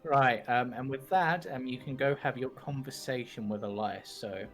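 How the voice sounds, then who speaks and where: A man runs a tabletop session in an unhurried, easygoing way. His pitch sits in the middle, and he fills gaps with ums and little laughs. Faint music plays underneath. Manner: relaxed, chuckling, lots of ums. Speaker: game master. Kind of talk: narrating a tabletop game.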